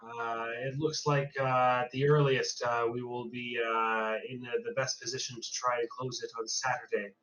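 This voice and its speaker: A man voicing a composed, formal woman occult researcher in a tabletop horror game, speaking with a halting, hesitant manner. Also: mid-range voice, little pitch movement, a bit bright, close to an everyday voice. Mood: measured. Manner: formal, hesitant speech full of "uh". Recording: distant, dull lo-fi mic.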